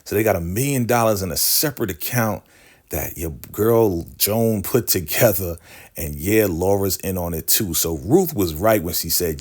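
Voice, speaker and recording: A deep-voiced man walks through a TV episode in a casual recap, slangy and chatty. He keeps tossing in asides as he retells each scene, sounding like a friend catching you up. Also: expressive, normal speed, a little mellow. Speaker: recap show host.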